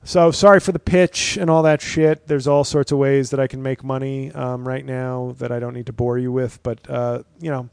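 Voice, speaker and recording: A man's voice: mid-range voice, level tone, moderate pace, gravelly, hardly any pauses, a little mellow, clear, resonant tone, no echo, clean studio sound. A man in his thirties, a stand-up comedian hosting his own podcast, rambling through a profane, wry solo monologue.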